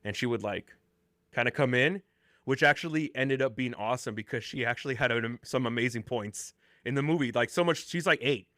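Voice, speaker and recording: A man's voice: mid-range voice, a little fast, sharp tone, no room sound. Podcast host, male, easygoing and chatty, laughs often, dry sound. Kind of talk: casual chat.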